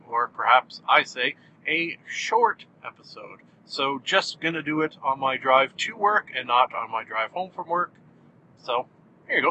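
A man's voice: fairly high pitch, sharp tone, slight background noise, low-quality recording. A man hosting his own podcast in a rambling, self-mocking, jokey way, recorded in a car while driving. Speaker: podcast host. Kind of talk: casual rambling monologue.

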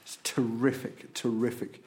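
A man's voice: medium pitch, flat delivery, unhurried, a little mellow. A man hosting a podcast, chatting casually through local and political news with frequent fillers. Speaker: podcast host.

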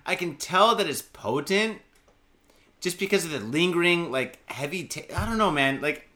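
A man co-hosting a podcast, chatting casually over beers, excitable and profane, laughing often. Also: a little high, normal speed. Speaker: podcast co-host. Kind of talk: casual drinking chat.

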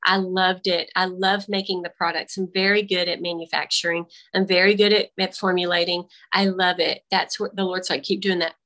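A woman's voice: on the low side, level tone, brisk, few pauses, fairly bright tone, rough recording. A woman on a remote call through earbuds, telling a faith testimony in casual conversation and animatedly acting out her own dialogue. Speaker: guest. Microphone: AirPods.

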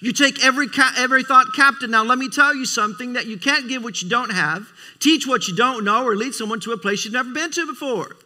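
A man's voice: very high voice, fast, few pauses, bright, forceful tone. A middle-aged man preaching a sermon, emphatic, repeating phrases and calling for amens. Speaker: preacher, Christian school leader.

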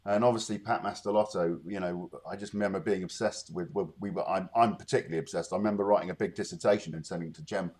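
A man's voice: sits low, steady tone, fast talker, few pauses, a little mellow. A middle-aged man, a guest musician, rambling through a story with many fillers in casual podcast chat.

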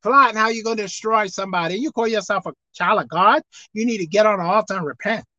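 A woman pastor preaching a sermon, dropping to low asides and rising to loud shouted exhortation, reading scripture slowly and deliberately. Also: no echo. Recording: slightly dull, dry recording.

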